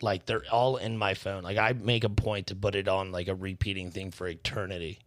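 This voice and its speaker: A man's voice: sits low, level tone, fairly quick, a bit bright, no echo, clean studio sound. A man from Northern Kentucky in a casual podcast chat, telling laid-back stories with casual swearing. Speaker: podcast co-host.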